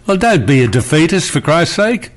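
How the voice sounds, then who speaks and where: An older man hosting talkback radio, firm and reassuring, a little gruff with callers. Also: fairly high pitch, big pitch swings, normal speed.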